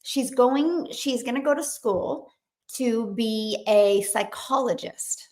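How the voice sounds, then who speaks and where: A woman in her fifties hosting a live stream, talking fast and energetically to viewers and greeting them by name. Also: fairly high pitch, darkish tone. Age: 50s. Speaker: livestream host.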